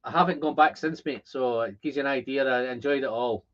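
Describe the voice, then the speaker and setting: A Scottish man in his fifties hosting a casual whisky livestream, chatting to viewers and rambling as he thinks out loud. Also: mid-range voice, brisk. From Scotland. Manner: chatty, rambling, repeats words when thinking. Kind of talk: casual livestream chat reading comments. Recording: dull lo-fi stream audio.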